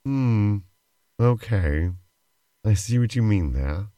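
A man co-hosting a role-play podcast, playing along in a dry, mild and unhurried way. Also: lowish voice, animated, mellow, dry recording. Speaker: co-host and player.

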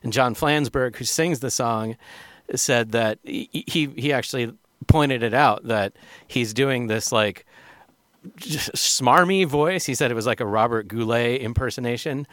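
Guy hosting a music show, mid-pitched, thoughtful and rambly w lots of ums, dry close sound. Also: moderate pace, no room sound. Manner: thoughtful, reflective, with frequent ums and restarts. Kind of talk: casual spoken commentary between songs.

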